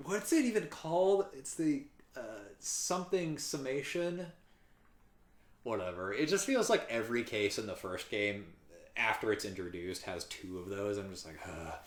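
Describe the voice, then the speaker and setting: Man voicing a game, lively pitch. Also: moderate pace, roomy sound. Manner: animated, swearing, laughing and groaning; puts on character voices and accents while reading. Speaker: let's play streamer. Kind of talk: voicing a game aloud with his wife.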